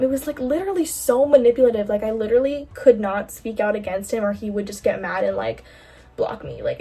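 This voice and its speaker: A woman's voice: mid-range voice, a little mellow, distant mic. A young woman in her late teens telling a personal story in a candid, chatty way, full of fillers and casual swearing. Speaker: bracelet-making vlogger. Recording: voice a bit off-mic, faint music behind.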